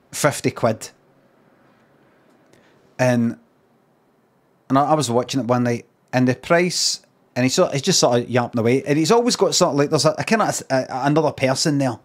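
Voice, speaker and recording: A Scottish man chatting on a live stream, spinning a loose, rambling anecdote peppered with swearing. His voice sits at an ordinary middle pitch and stays relaxed. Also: normal speed, long pauses. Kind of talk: casual storytelling on a live stream.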